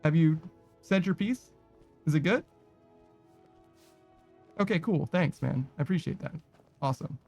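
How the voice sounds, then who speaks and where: Man ranting through gameplay, higher voice. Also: lively intonation, a little slow, gravelly, long pauses, darkish tone, slightly rough, lo-fi sound, faint music behind. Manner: profane, ranting, sarcastic. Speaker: gaming streamer. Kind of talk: casual gameplay commentary.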